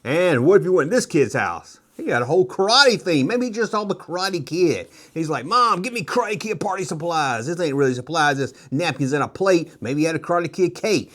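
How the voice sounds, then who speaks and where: Lively joking middle-aged male toy host. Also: a little high. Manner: joking, rambling, slips into quick kid impressions. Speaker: nostalgia toy video host. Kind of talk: casual rambling show-and-tell commentary.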